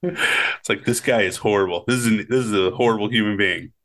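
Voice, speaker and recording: A man's voice: on the low side, fairly quick, a bit bright. A man co-hosting a podcast, chatting casually and wryly about scenes he likes. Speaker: podcast co-host. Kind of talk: casual chat.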